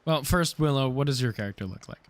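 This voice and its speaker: A man's voice: medium pitch, animated, fast, no room sound. A man narrating as dungeon master in a casual, joking way, often correcting himself. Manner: casual, laughing, self-correcting. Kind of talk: narrating a tabletop game.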